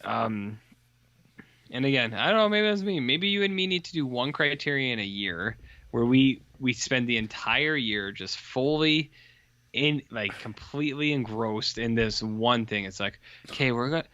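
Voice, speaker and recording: Bright-toned, deadpan podcast co-host man. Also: mid-range voice, normal speed, dry recording, lo-fi sound. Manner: rambling, deadpan storytelling. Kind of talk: casual chat.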